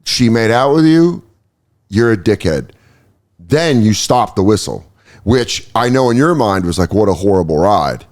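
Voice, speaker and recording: Man, podcast host, casual chat, lively swings in pitch, profane. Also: a little slow. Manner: animated, swears a lot, slips into put-on voices.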